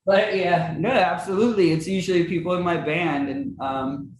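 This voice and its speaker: A man chatting casually as a musician guest in an interview, animated and laughing often. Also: normal speed. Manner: animated, acts out quoted friends in high voices, laughs often. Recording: roomy with faint ambience.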